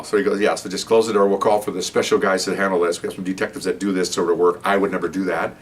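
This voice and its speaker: Brief: older man, retired cop, low voice, rambling halting storyteller, mic set back a little. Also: steady tone, distant mic. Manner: rambling, halting, with many restarts and fillers. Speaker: retired police officer telling stories. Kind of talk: casual storytelling to camera.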